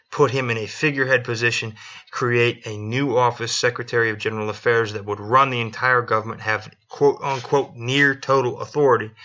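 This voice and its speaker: A man spins a history tale on a casual podcast, cursing freely and slipping into the voices of the people he quotes. His tone is very bright and forceful. The recording sounds dull and lo-fi. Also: medium pitch. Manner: profane, joking, acts out quotes. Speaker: podcast co-host.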